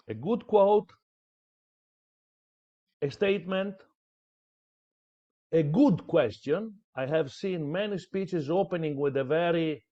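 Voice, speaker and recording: A man's voice: a little high, darkish tone. A man teaching public speaking in a training lecture, stressing points by repeating words. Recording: dull lo-fi sound.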